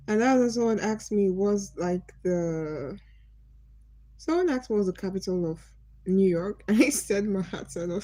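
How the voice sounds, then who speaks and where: Chatty Nigerian woman with a bright voice. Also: on the low side, no echo, rough recording. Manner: chatty, greets viewers by name, asks curious questions. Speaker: livestream host. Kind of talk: casual livestream chat with viewers.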